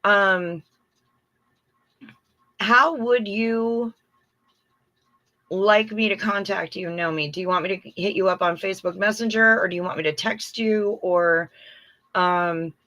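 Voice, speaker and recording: Woman livestream host, middle-aged, unhurried, effusive casual chat with viewers. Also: medium pitch, fairly even intonation, sharp tone. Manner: chatty, effusive, reading viewer comments aloud.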